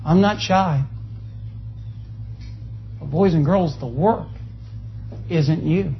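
A man's voice: fairly high pitch, takes it slowly, gravelly, lo-fi sound, soft background music. A man preaching a sermon, folksy and joking, asking the congregation for amens. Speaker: pastor. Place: church.

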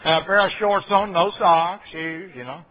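A man's voice: high-pitched, moderate pace. A man preaching a folksy sermon, full of rambling asides and checks with his listeners. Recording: dull lo-fi recording.

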